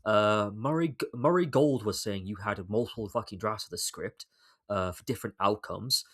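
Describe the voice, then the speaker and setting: A young man hosts his solo podcast in a low-pitched voice. He rambles in casual commentary, circling back over his own sentences. His tone stays exasperated, and he swears freely. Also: moderate pace, fairly bright tone. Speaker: podcast host.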